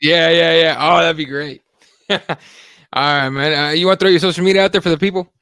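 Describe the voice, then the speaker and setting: Laid-back podcast co-host, dry sound. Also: male voice, a little high, fairly even intonation, brisk, bright, forceful tone, clear, resonant tone, no echo. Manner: laid-back, wraps up segments. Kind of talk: casual podcast chat.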